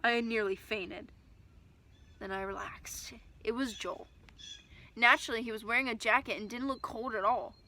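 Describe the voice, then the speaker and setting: A woman reads a first-person children's story with lively, expressive delivery. Her voice is bright and somewhat high. She acts out the shouted moments with energy. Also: normal speed, a little hiss or hum.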